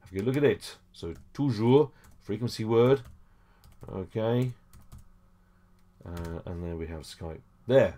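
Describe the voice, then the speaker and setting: A man's voice: on the low side, unhurried, pauses often, dark tone. A man teaching a French lesson over a screen recording, explaining each step patiently with frequent okays and small hesitations.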